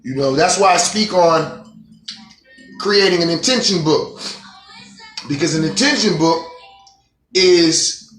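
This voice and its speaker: A man's voice: on the high side, a bit bright. A man hosting a casual livestream monologue, preaching in a profane, streetwise way. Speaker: host. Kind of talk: casual monologue on a live stream. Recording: echoey room.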